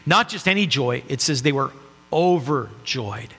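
A man's voice: mid-range voice, animated, measured pace, creaky, fairly bright tone, slightly rough, in a large hall. A man preaching a sermon as a pastor, in an earnest, conversational way.

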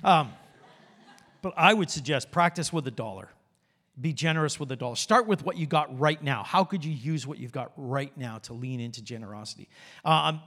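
A man's voice: fairly high pitch, fairly bright tone. A man preaching a conversational sermon in a church, mixing plain talk with anecdotes. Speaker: pastor.

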